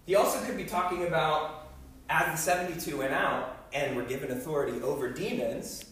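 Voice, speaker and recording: A man's voice: medium pitch, a bit bright. A man preaching a sermon in a casual, conversational way, with many asides to his listeners. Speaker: pastor. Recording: echoey hall, voice from far off.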